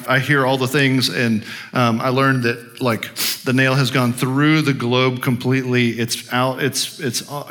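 A man's voice: medium pitch, fairly bright tone. A middle-aged man, a pastor, telling a personal story in a conversational, self-deprecating sermon with many restarts.

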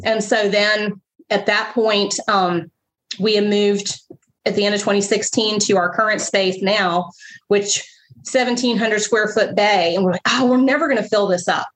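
A woman's voice: medium pitch, fairly even intonation, normal speed, rough recording. A middle-aged woman, a bakery owner, telling her story in an interview, emotional and rambling.

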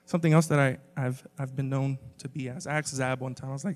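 A young man preaching a sermon to a live audience, talking casually with many "like"s and swinging between quiet stretches and loud emphatic bursts. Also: mid-range voice, steady tone, quick pace. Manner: casual and conversational, peppered with "like". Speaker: pastor. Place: live church auditorium with an audience. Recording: long reverb of a large hall.

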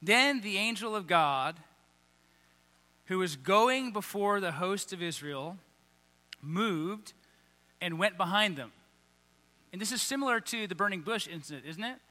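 A man's voice: high voice, lively intonation, measured pace, pauses often, pushed and bright, big-room sound. A man preaching a sermon, reading scripture aloud and breaking into casual, emphatic paraphrase.

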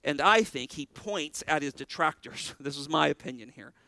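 A man's voice: a little high, expressive, normal speed, creaky, sharp tone, no room sound, rough recording. A male pastor preaching a sermon, earnestly putting questions to his congregation.

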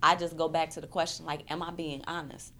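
A woman's voice: low voice, little pitch movement, a little fast, bright, forceful tone, a little hiss or hum. A woman poet in her thirties, speaking earnestly and emotionally in an interview, often repeating words as she searches for them. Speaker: poet and performance artist. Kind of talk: candid interview conversation.

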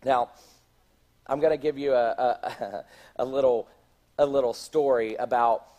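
A man's voice: mid-range voice, steady tone, measured pace, dark tone. A middle-aged man preaching in a church, speaking conversationally, often restarting his words and asking the congregation questions. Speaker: pastor. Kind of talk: sermon.

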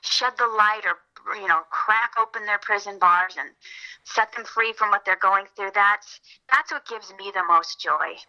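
A woman's voice: medium pitch, normal speed, poor audio. A woman with a light, youthful voice, telling stories earnestly in a casual interview over a video call. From Minnesota. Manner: earnest, animated storytelling with frequent laughs. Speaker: interview guest, filmmaker and actress.

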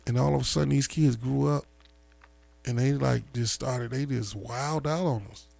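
A man in casual conversation, telling animated neighborhood stories in loose street slang and laughing through them. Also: mid-range voice, normal speed, dry recording. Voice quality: gravelly. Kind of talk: casual storytelling chat.

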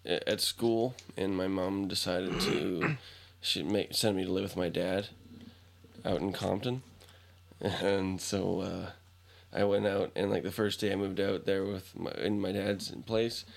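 A man's voice: sits low, fairly even intonation, measured pace, vocal fry. A young man co-hosting a comedy podcast, teasing and heckling his co-host and telling a story from his childhood.

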